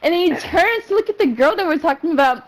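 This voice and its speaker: High, lively young woman rambling on. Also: fast talker, rough recording. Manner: slangy, profane, rambling with many fillers; animated, breaks into laughter. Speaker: streamer. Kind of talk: casual storytelling while gaming.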